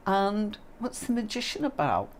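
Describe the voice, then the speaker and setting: A middle-aged woman hosts a livestream and teaches tarot, chatting warmly and calling her viewers "darling" and "my lovely." Her mid-range voice is very animated and moves at a normal speed, with a little hiss or hum in the audio.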